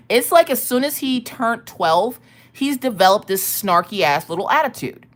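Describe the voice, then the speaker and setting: Woman streamer in casual storytelling mode, lively swooping pitch, salty language, frequent laughs. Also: normal speed. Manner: animated, profane, laughing storyteller. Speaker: streamer and craft channel host.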